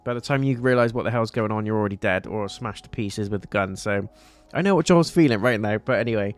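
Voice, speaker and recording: A man's voice: fairly low pitch, fast talker, few pauses. A man giving a casual spoken review of a TV episode, recapping scenes in a chatty way and loosely paraphrasing the characters' lines.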